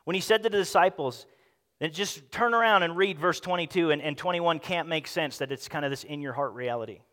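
High-voiced pastor preaching in a hall. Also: male voice, brisk. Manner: animated, acts out the quoted speech. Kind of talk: sermon.

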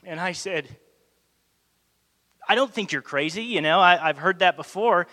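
This preacher speaks at a measured pace in a high voice, his sermon echoing with long hall reverb. He animatedly narrates a story and plays out each character's dialogue.

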